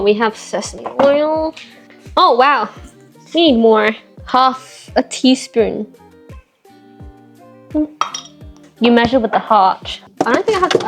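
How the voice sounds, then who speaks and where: A high-voiced woman chats through a home cooking vlog. She mutters the steps to herself and pokes fun at her own mistakes. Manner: chatty, self-mocking, talks to herself while cooking. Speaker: vlogger. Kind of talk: casual cooking vlog chat.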